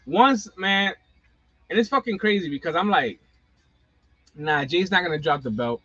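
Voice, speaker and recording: A man's voice: high-pitched, animated, normal speed, pushed and bright, dry recording. A middle-aged man hosting a wrestling channel, ranting casually and profanely with lots of slang asides. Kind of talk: casual live-stream rant. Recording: dull lo-fi sound.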